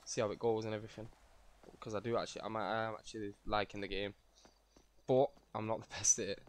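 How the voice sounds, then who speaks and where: A man's voice: fairly low pitch, fairly even intonation, quick pace, slight background noise. A man streaming a game, rambling and self-mocking as he plays and swearing freely. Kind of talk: casual gameplay commentary.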